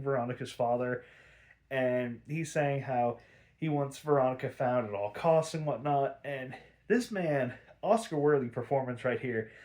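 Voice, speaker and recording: A man's voice: medium pitch, darkish tone. A young man hosting a podcast, recapping an episode casually in a rambling, profane, laughing way. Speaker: podcast host.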